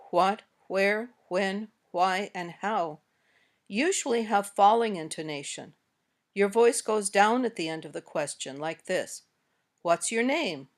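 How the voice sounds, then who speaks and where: Female narrator, American accent, mid pitch, slow careful lesson delivery. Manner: slow, carefully modeled example sentences. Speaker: English teacher.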